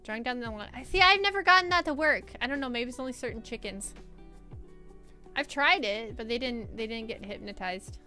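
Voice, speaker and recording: A woman streamer chatting casually and telling stories while answering chat, animated and laughing often. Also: a little high, fairly quick, soft background music.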